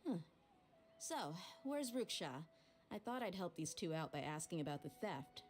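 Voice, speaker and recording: A woman's voice: on the low side, sing-song, normal speed, slight background noise. An actress voicing a tough, blunt female mercenary in a video game, direct and wry. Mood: matter-of-fact.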